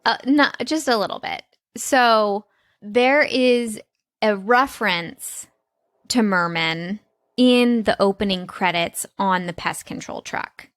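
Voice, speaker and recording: A woman co-hosting a podcast who talks in a chatty, upbeat way and is keen to share fun facts. Her voice sits at a middling pitch. The recording is dry and close. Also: slow, fairly bright tone, dry recording. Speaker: podcast co-host. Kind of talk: casual chat.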